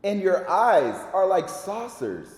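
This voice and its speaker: Man reading as a chirpy polite little girl, storybook, lively lilt, echoey room. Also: high voice, slow, heavily acted. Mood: wondering. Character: cheerful innocent little girl.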